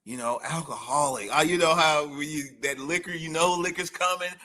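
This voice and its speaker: A man as a podcast guest, telling a personal recovery story in an animated way. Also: a little high, moderate pace. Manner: animated storyteller, acting out quoted voices.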